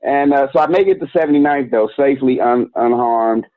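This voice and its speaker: A man's voice: medium pitch, fairly quick, no room sound. A man in his forties recounting his past as an interview guest, candid and conversational with an easy, slangy manner. His mid-range voice comes through thin and phone-like, with a dry, close sound. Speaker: youth organization director, guest. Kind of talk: casual storytelling interview.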